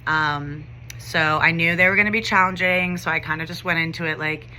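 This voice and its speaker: Bright, forceful young woman teacher. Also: low-pitched, fairly even intonation, fairly quick, slight background noise. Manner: conversational, frequent "like" and "you know". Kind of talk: casual storytime vlog.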